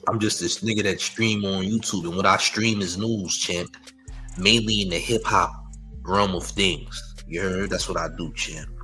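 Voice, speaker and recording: A man's voice: deep voice, fairly even intonation, moderate pace, bright, forceful tone, soft background music, poor audio. A man hosting a live-stream news show, mocking a critic in loose slangy commentary and leaning on "champ" and "you heard".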